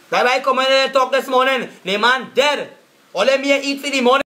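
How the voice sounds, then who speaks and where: A man's voice: extremely high pitch, fairly quick, bright, forceful tone. A man with a Trinidadian accent ranting on a live stream, cussing and repeating himself as he confronts people. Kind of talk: angry live-stream rant.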